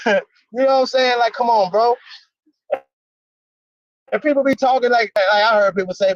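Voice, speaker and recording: A man's voice: high-pitched, fairly even intonation, normal speed, long pauses, no echo. A man talking as a livestream guest, emphatic and slangy, firing off rhetorical questions. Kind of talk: casual heated debate talk. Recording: dry, dull lo-fi stream audio.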